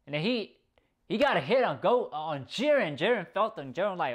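Man, casual review, fairly high-pitched, swears a lot, rambles and restarts. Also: normal speed. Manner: excitable, swears often. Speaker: video reviewer.

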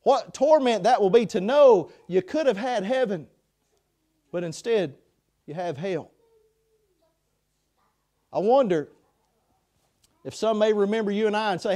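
A man preaching a sermon in a chapel, passionate, swinging between loud pleas and hushed passages. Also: high voice, lively intonation, unhurried, pauses often.

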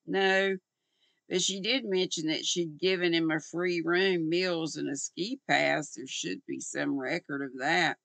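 A wisecracking young woman sleuth, quick-witted and sassy, as an older woman reading a novel gives her lines. The voice is bright and slightly gravelly, close and dry. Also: fairly low pitch, fairly even intonation, dry recording.

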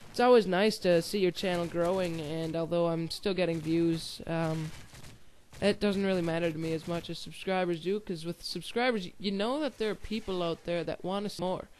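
A man's voice: sits high, steady tone, normal speed, a little mellow, slight background noise. A young man giving casual gameplay commentary, rambling and giggly with self-deprecating asides. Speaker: gaming channel host.

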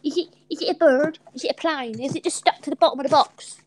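A woman with a high voice chats her way through a casual live stream from home. She is giggly and chatty and pokes fun at herself as she goes. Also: fast, darkish tone, slight background noise. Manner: chatty, giggly, self-mocking. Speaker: host.

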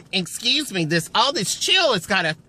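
A man tells a rambling story to a phone camera outdoors at a filling station, chatty and theatrical. He is cold and keeps clearing a frog in his throat. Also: high voice, big pitch swings, a little slow. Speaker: vlogger telling a story. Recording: loud wind noise on an outdoor mic.

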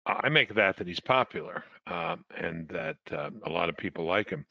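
A man on a political panel speaking deliberately and hedging with frequent ums. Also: sits low, lively intonation, bright, forceful tone, no echo. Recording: dry, muffled lo-fi audio.

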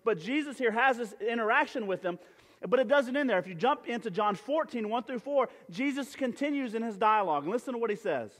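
High-voiced pastor in a reverberant church. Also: male voice, animated, brisk, fairly bright tone. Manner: conversational preaching with many fillers and restarts. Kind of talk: sermon. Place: church sanctuary. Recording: church hall with long reverb.

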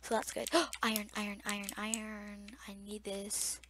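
A young woman giving casual gameplay commentary to viewers, chatty and easily startled, recorded at a desktop mic beside a loud keyboard. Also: mid-range voice, monotone, normal speed, noisy background. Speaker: gamer. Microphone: desktop mic near loud keyboard.

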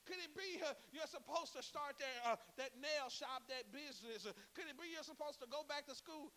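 A man with an American accent preaching a sermon as a pastor, with laughing asides, call-and-response, and a build to shouted praise. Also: very high-pitched, a little fast, in a large hall. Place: church sanctuary.

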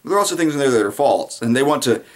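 A man's voice: medium pitch, sing-song, rapid-fire. A man giving a casual, sarcastic political commentary monologue, rambling with frequent fillers.

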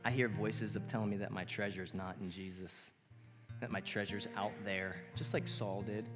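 A male pastor in his thirties preaches in a relaxed, earnest manner, joking at his own expense. His voice sits a little low and carries a long reverb from a church hall. Soft guitar plays clearly behind him. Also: normal speed. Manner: casual, earnest, self-deprecating humor. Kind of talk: sermon. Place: church sanctuary.

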